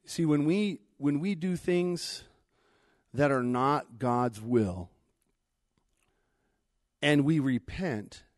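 A man preaching a sermon in a conversational way, swinging between loud emphatic lines and hushed ones as he retells a scripture story. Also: fairly high pitch, drawn-out words, pauses often, no room sound, studio quality.

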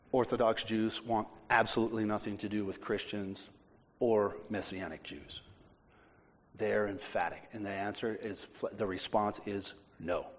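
A man preaching a sermon as pastor, emphatic and forceful, with casual asides. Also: fairly low pitch. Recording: long hall reverb.

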